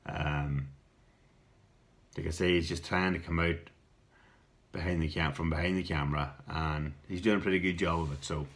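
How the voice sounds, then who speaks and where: Deep-voiced Irish man telling a story. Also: fairly even intonation, moderate pace, long pauses. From Ireland. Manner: rambling, repeats words, clears throat. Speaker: video response storyteller. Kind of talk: casual spoken storytelling.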